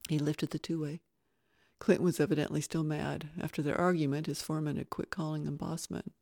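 An audiobook narrator reading a thriller in a measured, steady storytelling voice. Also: medium pitch, vocal fry, no room sound, clean studio sound.

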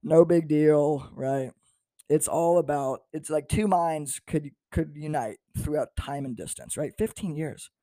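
A man's voice: fairly high pitch, unhurried, warm tone, no room sound, clean studio sound. A man in his twenties, a stand-up comedian, telling self-mocking stories in a playful monologue with swings in volume. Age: 20s.

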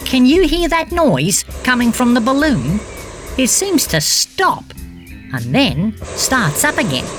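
A friendly green tree frog, as a woman acts him out, leads a children's storybook adventure. He talks slowly and gently, with a bouncy, sing-song lilt, and likes to drop silly jokes. Soft music plays faintly behind him. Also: mid-range voice. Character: cheerful fact-loving male green tree frog.

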